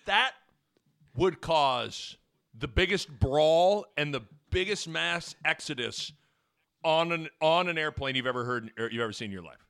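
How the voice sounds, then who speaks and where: A man's voice: a little high, lively intonation, unhurried, creaky, bright, forceful tone, smooth. A man hosting a sports talk show, rambling casually and joking, piling on analogies. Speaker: sports radio host.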